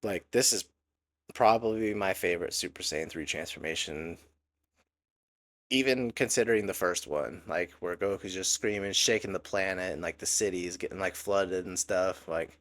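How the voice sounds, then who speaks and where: A man giving a casual, excited breakdown of an anime episode, recapping scenes and acting out quotes with many fillers. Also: deep voice, moderate pace, no echo, clean studio sound. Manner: excited recap with lots of likes and quoted voices. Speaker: anime reviewer.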